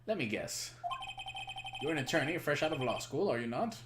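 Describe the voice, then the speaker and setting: French canadian guy doing a smug pompous ceo, fancy made-up words, lively swoopy voice, music behind. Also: on the high side, brisk. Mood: condescending. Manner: grandiose, showy made-up big words. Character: pompous arrogant male corporate CEO.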